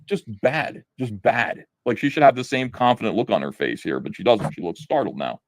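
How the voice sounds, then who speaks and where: A man's voice: medium pitch, big pitch swings, fairly quick, no echo. A man hosting a comics review show, giving sarcastic reaction commentary and mocking the dialogue he reads. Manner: swears freely.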